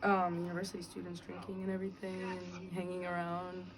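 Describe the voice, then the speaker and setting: A young woman in casual chat as an interviewee, talking outdoors on a city street, chatty and quick to laugh, with lots of fillers. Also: fairly low pitch, monotone. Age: young adult.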